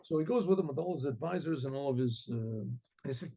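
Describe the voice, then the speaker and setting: A man, a rabbi, telling a story in a sermon with vivid, animated storytelling and hesitant restarts, on a dull lo-fi recording. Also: medium pitch, fast, gravelly, background noise. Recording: dull lo-fi sound.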